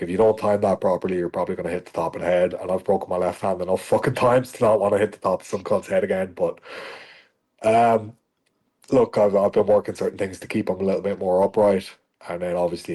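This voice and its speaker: Husky blunt-talking Irish man. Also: low-pitched, flat delivery, quick pace, dark tone. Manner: blunt, heavy swearing, emphatic. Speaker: fighter guest. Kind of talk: podcast interview.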